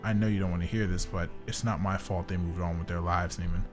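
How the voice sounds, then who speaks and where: A man voicing a worried young woman who pleads softly with her best friend, reading a visual novel aloud over faint music. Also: low voice, steady tone, quick pace, lightly acted. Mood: pleading. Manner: soft, pleading, gently pushing.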